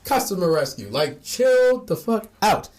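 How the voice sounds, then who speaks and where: A young man with a high-pitched voice chats on a podcast with plenty of energy. He swears freely and slips into quoted voices as he acts out customers. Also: very animated, unhurried, darkish tone. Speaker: podcast co-host. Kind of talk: casual chat.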